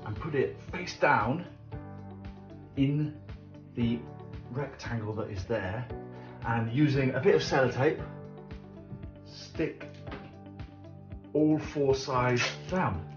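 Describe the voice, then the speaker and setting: A man's voice: mid-range voice, highs cut off. A man hosting a children's art club, explaining each drawing step in a chatty, playful, jokey way. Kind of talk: drawing tutorial for kids. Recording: roomy sound with faint music.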